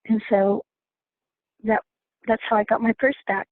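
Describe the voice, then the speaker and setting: Brief: earnest woman caller, fairly high voice, dry thin phone sound, halting restarts. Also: fairly even intonation, no room sound. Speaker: class participant sharing a story. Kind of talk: casual storytelling on a call. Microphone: phone call. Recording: tinny phone line, dry.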